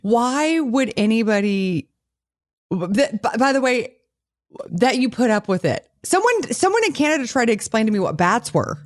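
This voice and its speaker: A woman's voice: fairly high pitch, sing-song, moderate pace. A woman co-hosting a podcast in casual chat, playful and laughing often. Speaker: podcast co-host.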